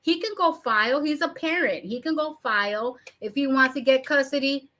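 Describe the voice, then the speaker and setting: A woman's voice: sits high, normal speed, bright, forceful tone, a little hiss or hum. A woman hosting a commentary channel, ranting bluntly in casual talk, swearing and mocking the people she quotes. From Arizona.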